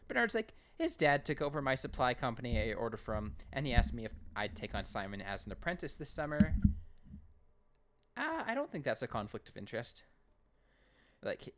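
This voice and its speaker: A man's voice: medium pitch, a bit bright, a little hiss or hum. A Canadian man co-hosting a podcast, casually recapping an episode and acting out lines in raised voices. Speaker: podcast co-host.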